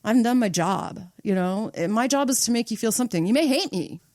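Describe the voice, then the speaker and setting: A woman's voice: a little high, expressive, quick pace, a little mellow, dry recording. Blunt, emphatic woman with a dry sound. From United States (Nebraska). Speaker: screenwriter and author guest. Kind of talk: casual podcast chat.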